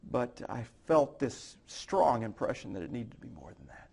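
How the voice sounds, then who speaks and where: A middle-aged man with a gravelly, fry-edged voice shares a heartfelt personal story as a guest in a TV studio interview. His pitch sits in an ordinary middle range, and his telling is earnest and halting, full of small restarts. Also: animated, a little mellow. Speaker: guest, author and speaker. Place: television studio.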